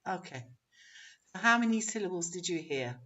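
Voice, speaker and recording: A woman teacher trainer leading an online webinar, encouraging and modeling pronunciation slowly. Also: fairly low pitch, animated, fairly bright tone. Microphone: video call. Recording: dull lo-fi webinar audio.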